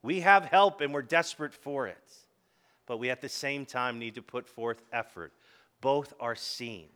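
A man's voice: mid-range voice, measured pace, fairly bright tone, clear, resonant tone. A man preaching a sermon, leading the congregation in call-and-response. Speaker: pastor.

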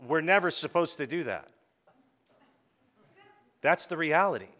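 A man delivers a lively sermon to a congregation in a church hall. His voice sits a little high for a man, and he swings from hushed asides to loud calls as he leads the room in call-and-response. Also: a little slow. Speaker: pastor.

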